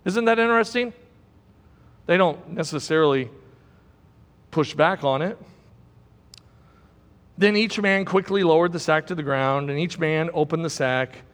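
A man's voice: fairly high pitch, measured pace, long pauses, a bit bright, big-room sound. A man preaching a sermon as pastor, emphatic and repeating key words for stress.

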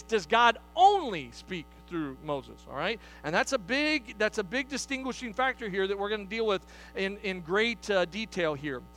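A man preaching a sermon in an emphatic style, often repeating himself and dropping to a hush to stress a point. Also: high voice. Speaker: pastor.

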